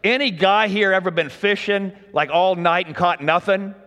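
A man preaching a sermon in a relaxed, folksy way, joking with the congregation. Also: sits high, moderate pace, in a large hall. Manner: folksy, conversational, jokes with the congregation. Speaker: pastor.

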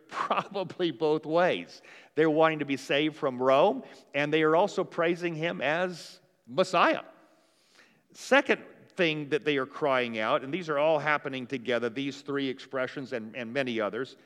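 Preacher with a casual drawl. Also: male voice, on the high side, normal speed, fairly bright tone, in a large hall. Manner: casual, conversational preaching with frequent fillers and restarts. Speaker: pastor. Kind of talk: sermon.

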